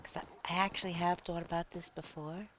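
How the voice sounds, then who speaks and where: A woman streamer chatting casually, reading chat aloud and thinking out loud. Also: lowish voice, fairly even intonation, a little fast, a little hiss or hum.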